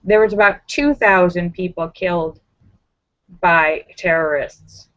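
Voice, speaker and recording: A woman hosting a casual live-stream chat, talking in an animated, emphatic, sassy way. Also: lowish voice, unhurried, highs cut off. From Los Angeles area. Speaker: livestream host.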